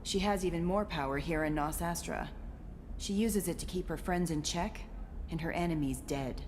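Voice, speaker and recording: Game role: woman plays a wary, blunt former security chief, low-pitched. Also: normal speed, a little mellow, a little hiss or hum, natural voice. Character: guarded female ex-security chief. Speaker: video game character.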